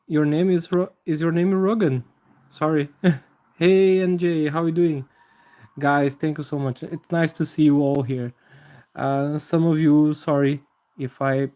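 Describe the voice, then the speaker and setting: Guy drawing anatomy live, warm mellow voice, lots of restarts. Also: a little high. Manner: halting, many fillers and restarts, friendly to viewers. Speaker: anatomy drawing livestream host. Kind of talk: live drawing tutorial with chat greetings.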